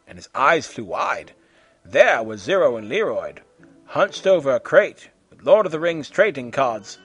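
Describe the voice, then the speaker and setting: A man reading a humorous story aloud in an animated way, slipping into silly character voices. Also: fairly high pitch, slightly rough, dry recording. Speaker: fan fiction reader.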